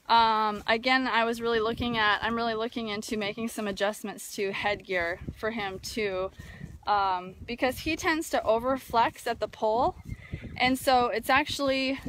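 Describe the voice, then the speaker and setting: A woman's voice: on the high side, fairly bright tone. A woman hosting a live video about horse training, talking casually with many fillers, outdoors near a barn with a phone. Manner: thoughtful, many fillers and restarts. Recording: faint wind noise outdoors. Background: wind noise.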